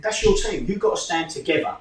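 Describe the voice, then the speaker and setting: A man, a football club manager talking plainly and at length, his pitch jumping as he makes his points. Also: fast, crowd noise. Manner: plain-spoken, rambling, lively pitch swings. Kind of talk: casual discussion. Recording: echoey room from far off.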